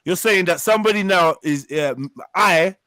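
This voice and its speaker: A man's voice: high-pitched, normal speed, pushed and bright, no echo. A Nigerian-born man hosting a live panel, arguing heatedly, interrupting and repeating his demands.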